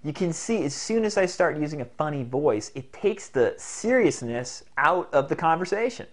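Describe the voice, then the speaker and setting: A man giving an instructional talk in a jokey, animated way, now and then slipping into demo voices. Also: on the high side, moderate pace. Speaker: self-help instructor.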